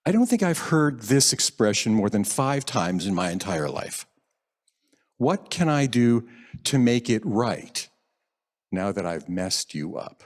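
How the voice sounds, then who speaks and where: A man preaching a sermon at a church service, gentle and reflective, lingering over quoted phrases. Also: mid-range voice. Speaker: minister. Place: church sanctuary.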